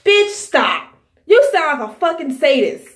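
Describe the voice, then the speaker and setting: A woman's voice: high-pitched, lively intonation, measured pace, echoey room. A woman in her thirties hosting a podcast, delivering a heated, profane, scolding commentary rant. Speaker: podcast host.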